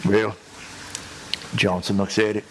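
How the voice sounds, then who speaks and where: A crude, long-winded redneck played by a man spins a prank-call joke in a lowish voice. He drawls very slowly and stumbles through every sentence with uh and restarts. Faint rain patters behind him. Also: level tone, fairly bright tone, a little hiss or hum, low-quality recording. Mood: drawling. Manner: drawling, hesitant, full of uh and restarts; crude, chuckles at his own story. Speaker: prank caller telling a joke.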